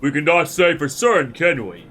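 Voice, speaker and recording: A man's voice: fairly high pitch, big pitch swings, normal speed, sharp tone, soft background music, full character voice. A man with a cold voicing a swaggering, boastful male duelist in grand, old-fashioned speech. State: congested with a cold.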